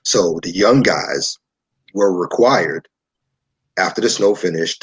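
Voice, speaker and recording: A man from New York, a show guest, telling a story in a relaxed, conversational way and acting out what people said. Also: low-pitched, breathy edge, rough recording. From New York, USA. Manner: animated storyteller who acts out dialogue.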